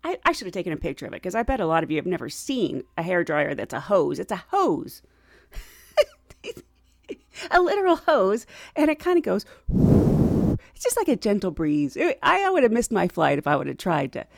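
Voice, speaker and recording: A middle-aged American woman telling a travel story in a chatty, animated way, laughing often and acting out what she and others said. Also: on the low side, fairly quick, gravelly, no room sound. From United States.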